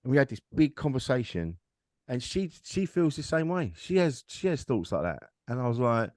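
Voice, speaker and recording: Man, mid-pitched voice, candid rambling storytelling, dry close podcast mic. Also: big pitch swings, moderate pace, darkish tone, no room sound. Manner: frank, rambling, self-deprecating. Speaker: guest comedian.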